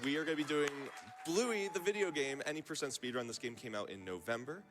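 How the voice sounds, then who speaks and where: A man's voice: fairly high pitch, lively intonation, quick pace. A man commentating his own speedrun at a live event, friendly and explanatory. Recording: game music behind the voice. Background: game music.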